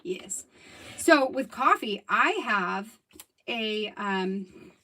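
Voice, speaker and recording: A woman's voice: medium pitch, lively intonation, very slow, bright, forceful tone. A woman in her thirties chatting casually while crafting on a livestream, rambling and laughing often. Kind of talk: casual live crafting chat.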